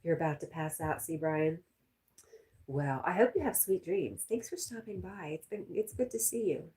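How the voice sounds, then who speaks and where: Low-voiced lady live streaming, reading chat comments out loud, chatty and laughing. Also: expressive, moderate pace. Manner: chatty, reads viewer comments aloud, laughs often.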